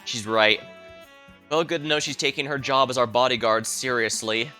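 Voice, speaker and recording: A man's voice: mid-range voice, normal speed, bright, forceful tone, soft background music. A man streaming himself reading a visual novel aloud, narrating and reacting casually between lines.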